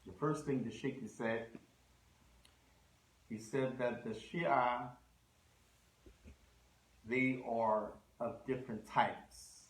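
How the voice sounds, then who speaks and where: Male lecturer, mid pitch, loose conversational delivery, echoey room. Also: steady tone, very slow, pauses often. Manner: conversational, scattered Arabic phrases and restarts. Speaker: Islamic lecturer. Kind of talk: religious lecture.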